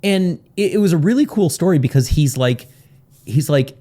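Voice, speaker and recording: A man's voice: a little high, expressive, normal speed, mellow. A man coaching on time management in a casual, rambling teaching talk, with frequent sidebars and "right?" check-ins.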